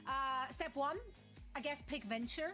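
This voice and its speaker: A woman's voice: sits high, a little slow, pushed and bright, faint music behind. A woman casting an esports match, analyzing teams in a chatty, joking way. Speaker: esports caster. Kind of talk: play-by-play esports commentary.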